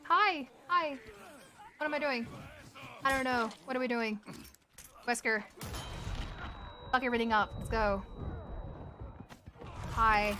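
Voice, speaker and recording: A young woman streaming a game, excitable, swearing often and laughing between reactions. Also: on the high side, slow pace, pauses often, noisy background. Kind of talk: casual live-stream commentary.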